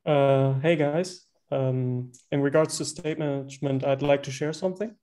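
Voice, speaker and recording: A man speaking politely and in a measured way on a casual video call. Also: medium pitch, fairly even intonation, warm tone.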